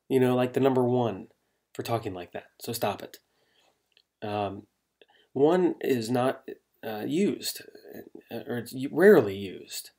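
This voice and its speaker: A middle-aged man teaching a writing class in a relaxed, joking way, with mock exasperation about formal habits. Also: medium pitch, moderate pace. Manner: casual, teasing, exasperated about pet peeves. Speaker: writing instructor. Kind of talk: recorded class lecture.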